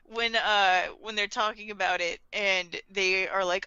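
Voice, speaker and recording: A woman's voice: medium pitch, measured pace, hardly any pauses, bright, forceful tone, smooth, no room sound. A woman co-hosting a casual chat show, talking animatedly, laughing often and acting out quoted lines. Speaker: podcast co-host. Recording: dull, lo-fi recording.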